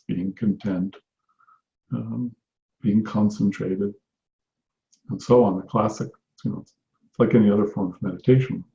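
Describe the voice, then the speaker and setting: A man with a mellow, gravelly voice gives a meditation teaching, speaking slowly and reflectively and often restarting his phrases. The recording is roomy and echoey, with a dull, lo-fi sound. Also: lowish voice. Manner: unhurried and reflective, with frequent restarts. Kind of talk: spoken teaching talk on meditation.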